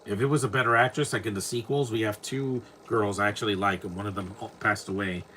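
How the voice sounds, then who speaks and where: A man's voice: fairly low pitch, steady tone, fast talker, fairly bright tone, a little hiss or hum. A man giving casual live movie commentary at home, rambling with frequent restarts and self-corrections. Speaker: film commentator.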